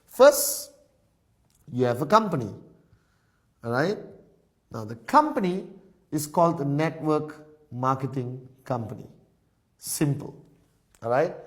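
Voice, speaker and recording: A man's voice: mid-range voice, takes it slowly, pauses often. A man giving a whiteboard business presentation as the presenter, speaking in punchy lists and tagging phrases with a repeated "all right?". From Malaysia. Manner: animated, emphatic lister. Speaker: network marketing presenter.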